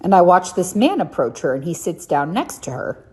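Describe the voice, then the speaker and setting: A woman's voice: fairly low pitch, sing-song, normal speed, darkish tone, husky. A woman telling a story in a vlog, chatty and wry.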